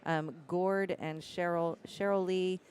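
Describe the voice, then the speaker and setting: Lower-pitched woman co-hosting a stream. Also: fairly even intonation, takes it slowly, darkish tone. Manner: informative, laughs easily. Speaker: stream co-host. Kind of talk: live stream commentary.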